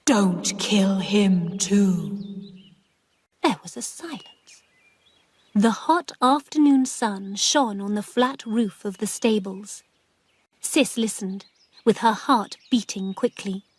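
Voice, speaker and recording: A woman narrating a graded story for English learners in a slow, careful way. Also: mid-range voice, husky, no room sound.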